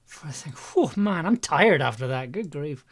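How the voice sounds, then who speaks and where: A woman hosting a relaxed live stream from her own studio mic, speaking in a somewhat low register. She drifts between thoughts and laughs at herself often, keeping the tone loose and self-mocking. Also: moderate pace. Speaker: live streamer and audio producer. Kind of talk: casual live-stream chat.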